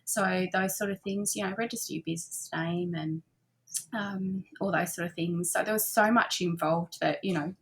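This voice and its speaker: A middle-aged woman talks easily as an interview guest. Her voice sits a little low, with a gravelly, husky texture. She rambles warmly with many fillers. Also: fairly even intonation, normal speed. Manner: warm, chatty, frequent fillers and laughs. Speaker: guest, boutique owner. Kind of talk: casual conversational interview. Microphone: remote call.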